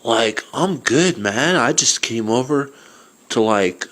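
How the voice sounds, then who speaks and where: A man's voice: medium pitch, animated, slow, a bit bright. A man voicing a dopey surfer-dude young man in a homemade cartoon, calling everyone dude and bro in slangy talk.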